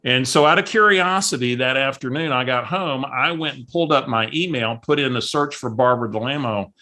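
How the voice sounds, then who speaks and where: A man coaching on a call, telling a story in an animated way and acting out the voices of the people in it. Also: medium pitch, a little fast. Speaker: real estate coach.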